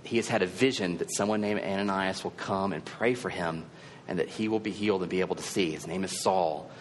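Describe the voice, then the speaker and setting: A man voicing God, giving firm, measured commands in his own low voice. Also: a little hiss or hum, natural voice. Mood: commanding.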